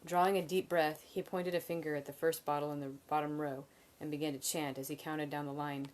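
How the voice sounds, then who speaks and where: A woman reading a fantasy novel aloud on a live stream, measured and even, with occasional slips and restarts. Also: low voice, slight background noise. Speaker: reader.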